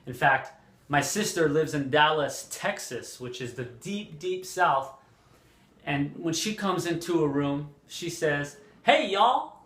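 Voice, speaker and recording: Slow-talking man teaching English. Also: on the high side, a bit bright, reverberant. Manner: deliberate, repeats examples, frequent fillers. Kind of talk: slow, clear language lesson.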